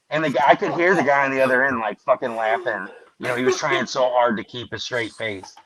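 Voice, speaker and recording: A man's voice: mid-range voice, a little fast, hardly any pauses, a bit bright, poor audio. An American man on a panel show, telling a crude story casually and putting on voices for the people he quotes. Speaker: podcast panelist.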